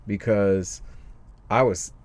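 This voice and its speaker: A man's voice: lowish voice, steady tone, slow, darkish tone. A man, a guest author on a podcast, speaking earnestly and thoughtfully with many fillers. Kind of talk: podcast interview.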